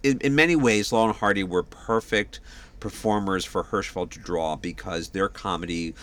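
A man chatting casually as a podcast co-host, his speech full of ums and uhs as he works out his thoughts. His voice sits on the low side for a man. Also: moderate pace, a bit bright, a little hiss or hum. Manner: chatty, hesitant with many fillers. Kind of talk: casual chat.

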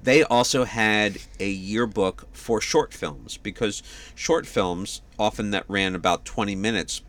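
A man chatting casually as a podcast co-host, his speech full of ums and uhs as he works out his thoughts. His voice sits on the low side for a man. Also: measured pace, fairly bright tone. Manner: chatty, hesitant with many fillers. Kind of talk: casual chat.

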